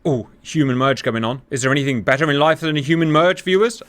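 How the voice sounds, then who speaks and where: A man hosting and commentating a simulated air battle, talking straight to viewers, joking and cheering loudly as it unfolds. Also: fairly high pitch, fast. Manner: animated, jokey, talks to viewers, cheers loudly. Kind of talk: excited gaming commentary.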